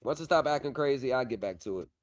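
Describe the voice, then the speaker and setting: A man of ordinary pitch talks casually on a livestream. He sounds confident, circles back over his points, and trails off while he looks for things on screen. It is picked up by a streaming setup mic. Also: expressive, fast. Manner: confident, repetitive, drifts off while working the screen. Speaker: livestream host on pro se legal help.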